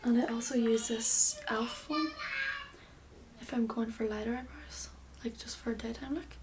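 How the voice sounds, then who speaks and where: A woman's voice: fairly high pitch, moderate pace, heavy background noise. A young woman giving a casual makeup tutorial, chatty and rambling, often dropping into a half-whisper. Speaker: beauty vlogger.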